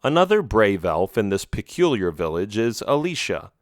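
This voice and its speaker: A man narrating a children's adventure storybook with a low, steady voice. His reading is measured and even. The sound is dry and close to the mic. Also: dry recording. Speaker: audiobook narrator.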